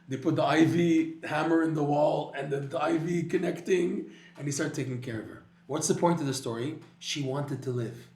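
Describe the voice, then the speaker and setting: A man's voice: fairly high pitch, a little mellow, reverberant. A man teaching a Torah class, telling a story animatedly with frequent restarts and repeated words.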